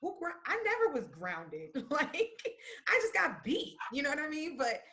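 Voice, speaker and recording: A woman guest in a casual live-stream chat, speaking in a thoughtful, halting way with many fillers, on a phone or webcam mic. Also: sits high, wildly swooping pitch, bright, forceful tone.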